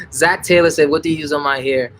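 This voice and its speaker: A young man, casually answering viewer questions live, emphatic and animated, often restarting his sentences. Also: on the high side, a little hiss or hum, rough recording. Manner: animated, emphatic, frequent self-corrections and "like". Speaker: language-learning channel host answering viewer questions.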